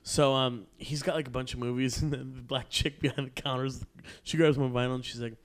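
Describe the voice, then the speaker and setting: A man's voice: medium pitch, steady tone, fairly quick. Profane, laughing man telling a story. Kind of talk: casual anecdote among friends.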